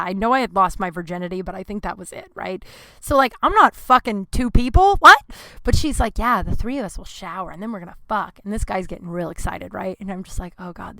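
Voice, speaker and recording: Woman podcast host, bright high voice, dry close sound, swears a lot, rambling storytelling. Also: no room sound. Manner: profane, rambling, animated. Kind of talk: casual storytelling.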